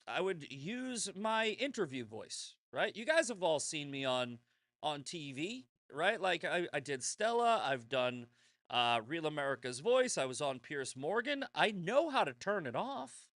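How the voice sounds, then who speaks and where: A man's voice: a little high, very animated, measured pace, fairly bright tone, no echo. A man hosting his own show, talking in a blunt, rambling, profane monologue full of restarts. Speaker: show host. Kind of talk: casual monologue.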